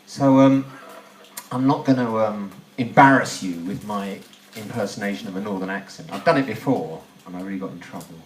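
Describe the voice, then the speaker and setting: A man's voice: fairly low pitch, a little fast, a little hiss or hum. A man performing rambling, self-mocking stand-up comedy on a club stage. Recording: echoey club, mic from far off.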